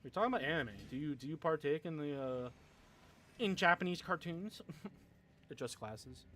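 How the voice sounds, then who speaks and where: A man's voice: on the high side, expressive, normal speed, sharp tone, a little hiss or hum. A young man chatting casually with viewers on a gaming livestream, rambling, swearing a lot and laughing often.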